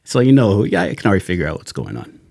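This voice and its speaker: A middle-aged man with a low, gravelly voice tells an old case in a loose, slangy way as a podcast guest. He laughs through his story and acts out every line he quotes. The sound is dry and close, with no room behind it. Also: racing, no echo. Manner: animated, laughing, slangy retelling with acted quotes. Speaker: retired sheriff's detective, podcast guest. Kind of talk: casual storytelling chat. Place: podcast studio.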